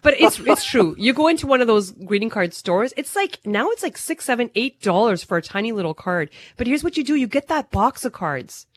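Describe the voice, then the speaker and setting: A woman's voice: fairly high pitch, big pitch swings, a little fast, few pauses, no room sound. A woman co-hosting a talk radio show, chatting playfully and reading out listener messages. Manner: playful, reads out listener texts. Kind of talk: casual talk radio banter.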